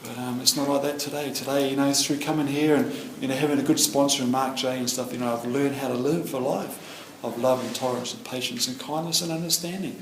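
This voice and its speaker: A middle-aged New Zealand man gives an earnest, rambling personal share at an AA meeting, leaning on "you know" throughout. His medium-pitched voice stays fairly even, moving quickly with few pauses. The roomy meeting hall carries faint ambience and slight background noise.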